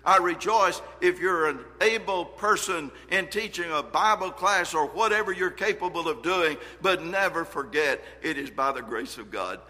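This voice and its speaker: A man's voice: fairly high pitch, normal speed, hardly any pauses, bright, forceful tone, in a large hall. A man preaching a sermon, reading scripture aloud with earnest emphasis and shifting volume.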